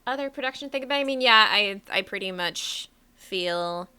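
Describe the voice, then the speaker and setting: Bright, smooth-voiced woman podcast host. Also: medium pitch, normal speed. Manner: animated, swears casually, laughs often. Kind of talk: casual podcast chat.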